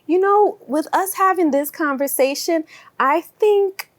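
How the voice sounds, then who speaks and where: A woman co-hosting a casual podcast chat, animated and acting out little voices as she tells stories. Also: very high voice, unhurried. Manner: animated, acts out voices when telling stories. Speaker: podcast co-host.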